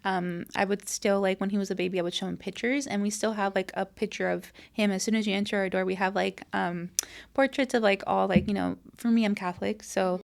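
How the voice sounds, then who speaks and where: Young woman guest, fry in the voice, soft-spoken and casual. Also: medium pitch, steady tone, fairly quick. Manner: soft-spoken, heavy "like" fillers. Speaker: podcast guest. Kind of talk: casual interview chat.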